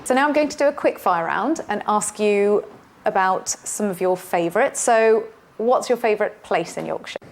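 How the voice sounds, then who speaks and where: A woman's voice: medium pitch, animated, moderate pace, a little hiss or hum. A woman interviewer asking breezy, lightly teasing questions. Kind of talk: casual interview.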